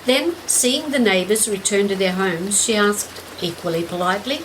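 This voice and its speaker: Woman narrator, measured and gentle story reading, clear rain sound behind. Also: mid-range voice, noisy background. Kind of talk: scripted narration. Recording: steady rain in background.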